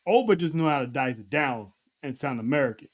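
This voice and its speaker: Speaking a little fast in an expressive, mid-range voice, this man co-hosts a wrestling podcast. In the casual conversation he seizes his turn and drives his points home emphatically, repeating words as he goes.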